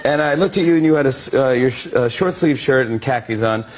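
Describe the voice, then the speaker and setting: A man's voice: medium pitch, fast. Sheepish man telling a rambling story. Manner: sheepish, rambling, full of fillers and laughs. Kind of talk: telling a personal anecdote. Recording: crowd and room noise behind.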